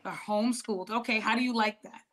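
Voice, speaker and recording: A woman's voice: fairly high pitch, fairly even intonation, fast, a bit bright. A woman hosting a podcast, chatting casually and rambling a little, with frequent restarts and laughs. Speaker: podcast host. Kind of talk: casual interview chat.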